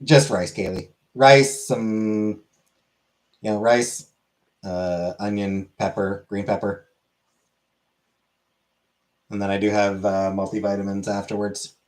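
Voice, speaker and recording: A man's voice: fairly low pitch, steady tone, slow pace, pauses often. A man streaming and answering his chat in a laid-back way, swearing casually.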